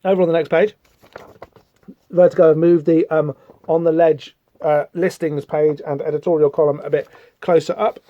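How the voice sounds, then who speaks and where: A man's voice: fairly high pitch, little pitch movement, normal speed, dry recording, dull audio. A man hosting a podcast, chatting casually through a comic book with rambling, wry asides. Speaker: podcast host.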